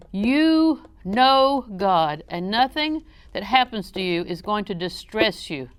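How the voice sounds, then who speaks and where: A woman delivers a sermon in a chatty, teasing way, firing questions at her listeners. Her voice is smooth and clear, neither high nor low. The sound is close and dry, with no room echo. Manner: conversational and joking, questions the audience. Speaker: preacher.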